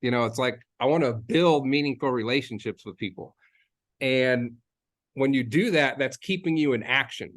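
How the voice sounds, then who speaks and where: A man's voice: medium pitch, normal speed, a bit bright. A man, a real estate agent, giving a casual coaching talk, rambling and chatty with many fillers and restarts, repeating key phrases for emphasis.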